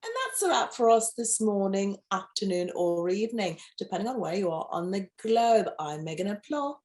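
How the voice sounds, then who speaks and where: A woman's voice: lively intonation, normal speed, a little mellow. A woman hosting a playful pet news show, reading stories and breaking into campy, gushing asides. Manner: campy, gushing asides with sudden high squeals. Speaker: news host.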